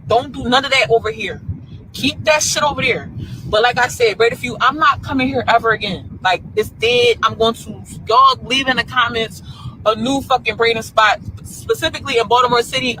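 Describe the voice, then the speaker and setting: Woman, high voice, sharp tone, profane, heated, repetitive ranting, outdoors. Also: a little hiss or hum, low-quality recording. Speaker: salon customer. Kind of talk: angry vlog rant.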